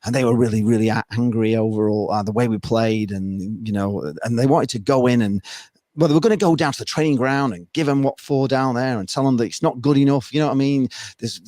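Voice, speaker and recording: A man appearing as a podcast guest, talking football in a rambling, animated way and laughing often. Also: mid-range voice, fairly quick, no echo, studio quality. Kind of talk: casual football chat.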